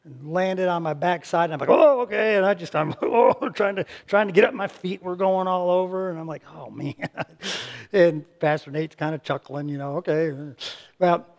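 A male pastor delivers a sermon in a high, light voice. He talks in an earnest, conversational way, repeating words as he restarts and voicing everyday people in quick quotes. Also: fairly even intonation.

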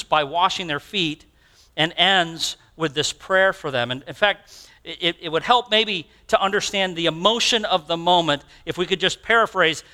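A man's voice: sits high, pushed and bright. A male pastor preaching a sermon in a conversational, storytelling way, talking directly to the congregation.

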